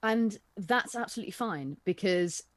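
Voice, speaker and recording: A woman, an improv actor, explaining performance in a relaxed, encouraging way on a home video call. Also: mid-range voice, moderate pace, no room sound. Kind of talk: casual interview chat.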